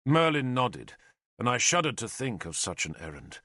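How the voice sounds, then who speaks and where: A male audiobook narrator telling a story in first person. His delivery is dramatic and expressive, his pitch moving widely. His tone is bright, recorded close and dry. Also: moderate pace, no room sound.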